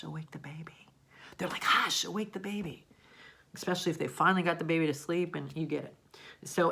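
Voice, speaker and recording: A woman with a low-pitched, creaky voice teaches a grammar lesson, explaining patiently step by step and checking in often. She acts out example sentences with lively emphasis.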